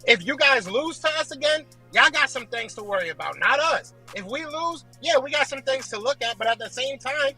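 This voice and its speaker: Husky, exasperated man arguing his point. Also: extremely high pitch, animated, a little fast, few pauses, bright, forceful tone, soft background music, poor audio. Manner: defensive, exasperated, keeps asking to finish his point. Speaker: guest, Eagles fan. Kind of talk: heated casual debate.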